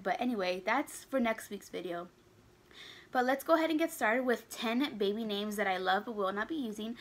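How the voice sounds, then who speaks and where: Chatting to camera in her bedroom, a young adult vlogger sounds out of breath as she drifts between asides. She speaks at medium pitch with a somewhat bright tone over faint background noise.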